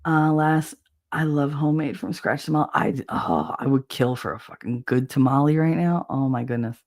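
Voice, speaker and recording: A woman's voice: a bass voice, normal speed, a little mellow. A woman hosting a livestream, telling stories in a blunt, profane, laughing way. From Hoboken, New Jersey. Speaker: livestream host. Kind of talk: casual storytelling chat.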